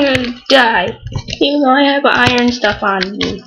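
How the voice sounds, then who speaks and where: A young woman giving excitable, frustrated Let's Play commentary while playing a game. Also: fairly high pitch, normal speed, highs cut off, slight background noise. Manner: excitable, exclaims often, frustrated outbursts. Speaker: gamer.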